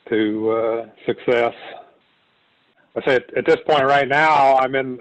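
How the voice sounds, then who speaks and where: A man talking casually as an interview guest, rambling with many restarts and fillers. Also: mid-range voice. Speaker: guest sharing his weight loss story. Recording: tinny phone-like line.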